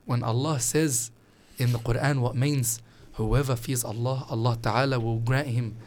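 Man, religious teacher, earnest, animated storytelling. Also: mid-range voice, moderate pace, slight background noise. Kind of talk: casual religious chat.

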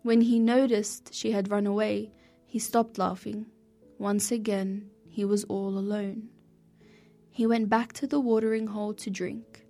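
A woman narrating a children's storybook in a gentle, steady read-aloud way. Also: mid-range voice, measured pace. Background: faint music.

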